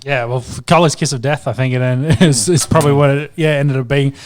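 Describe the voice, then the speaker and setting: A man's voice: mid-range voice, fairly even intonation, a little mellow, a little hiss or hum. Rambling Australian podcast co-host, male. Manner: rambling, halting, self-correcting. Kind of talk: casual chat.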